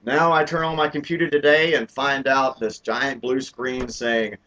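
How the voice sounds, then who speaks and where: A man's voice: medium pitch, flat delivery, normal speed, sharp tone, slight background noise. A man hosting his own live stream, chatting casually and poking fun at himself, with lots of filler words. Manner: rambling and self-deprecating, many filler words. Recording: dull lo-fi live stream audio.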